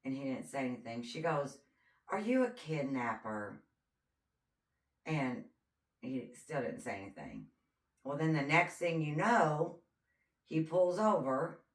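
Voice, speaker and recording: A woman with a deep voice and measured pace co-hosts a podcast, recounting a true crime story in casual conversation. She's an animated storyteller who acts out the quotes, and the distant mic picks up a roomy echo.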